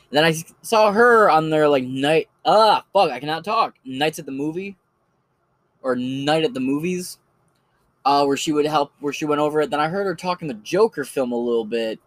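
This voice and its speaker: A man's voice: on the high side, no echo. A man hosting a podcast, giving casual, rambling commentary that is loose, joking and full of swearing.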